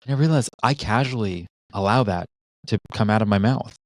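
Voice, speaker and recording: A man's voice: fairly low pitch, brisk, no echo. A middle-aged man co-hosting a podcast, talking in a reflective, casual way with many restarts. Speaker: podcast co-host. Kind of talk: casual conversational chat.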